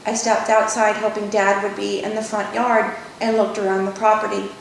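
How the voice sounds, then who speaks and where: A woman author reading her novel aloud in measured first-person narration. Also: little pitch movement, gravelly, distant mic. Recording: echoey room, faint rumble.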